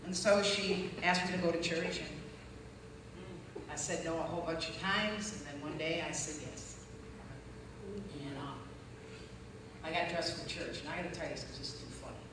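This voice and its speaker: A woman's voice: low voice, normal speed, pauses often, background noise. Woman testifying in an echoey hall. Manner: animated storytelling, rising to loud shouting peaks. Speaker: guest speaker giving testimony. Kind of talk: testimony talk to a church audience. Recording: echoey hall recording from far off, with crowd ambience.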